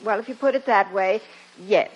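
A woman's voice: mid-range voice, normal speed, husky, natural voice. A woman playing a sweet, fussing wife who coaxes and dodges in a 1940s radio comedy, on a muffled old recording. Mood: coaxing.

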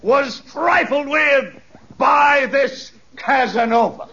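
A man's voice: extremely high pitch, slow, pushed and bright, heavily acted. A man playing a pompous plaintiff's lawyer who orates grandly to the jury and questions witnesses, in 1940s radio comedy style. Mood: orating. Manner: grandiloquent, stretched-out courtroom oratory. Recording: muffled old radio broadcast.

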